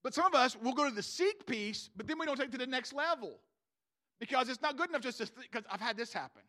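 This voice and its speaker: A man preaching with a very high, bright and forceful voice. His delivery is loose and slangy, full of asides, and he keeps turning to the congregation for agreement. The sound is close and dry. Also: animated, quick pace, no echo. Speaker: pastor. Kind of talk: sermon. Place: church room with a congregation.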